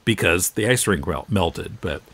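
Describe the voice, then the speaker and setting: A man's voice: sits low, expressive, a little slow, fairly bright tone, breathy edge. A man co-hosting a podcast in a casual chat, explaining details in a conversational way. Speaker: podcast co-host.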